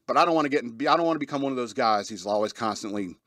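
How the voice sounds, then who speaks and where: A man's voice: mid-range voice, animated, very fast, a bit bright, no room sound, clean studio sound. A man hosting a casual radio talk show, rambling with frequent laughs and restarts. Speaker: host.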